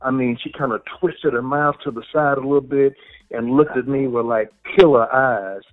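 A man's voice: medium pitch, moderate pace, phone-quality sound, faint music behind. A man hosting a podcast who tells a childhood story in a reflective way and affirms his guest often. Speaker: podcast host. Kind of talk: conversational interview.

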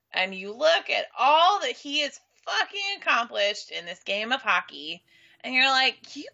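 A bright-voiced woman talks shop as a podcast co-host, her pitch jumping around as she jokes and swears. The sound is dull and lo-fi. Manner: animated, sarcastic, swears freely. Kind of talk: casual sports chat.

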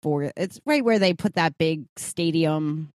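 A woman's voice: sits low, unhurried, darkish tone, dry recording, clean studio sound. A woman in casual conversation, easygoing and laughing along as she talks about her past. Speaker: former dancer in a conversation. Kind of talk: casual chat.

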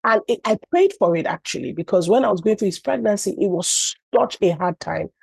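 A woman's voice: mid-range voice, lively intonation, brisk, gravelly, a little mellow, husky, no echo, low-quality recording. A woman pastor preaching conversationally and telling stories, with frequent "you know" asides.

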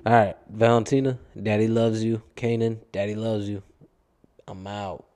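A young adult man talks alone into his podcast mic, rambling and swearing with a tired, downbeat edge. His voice is mellow and warm, never bright. He drifts loosely from one gripe to the next. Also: lowish voice, level tone, normal speed. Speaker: podcast host. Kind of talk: casual solo podcast rant.

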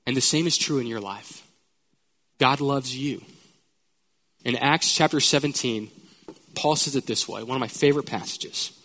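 A man preaching a sermon in church, moving from playful, animated asides to slow, earnest points. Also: mid-range voice. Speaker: pastor.

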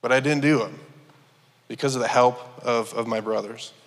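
A man sharing a personal testimony in a church, earnest and halting, with many restarts. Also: mid-range voice, fairly even intonation. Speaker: church member giving testimony. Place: church sanctuary. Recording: long hall reverb.

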